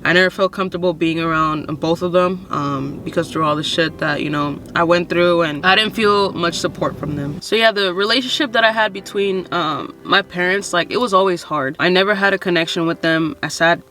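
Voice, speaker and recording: A woman's voice: fairly low pitch, fairly bright tone. A woman in her twenties telling her own story to camera in a casual, frank way, swearing often and filling with "like" and "you know". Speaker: vlogger.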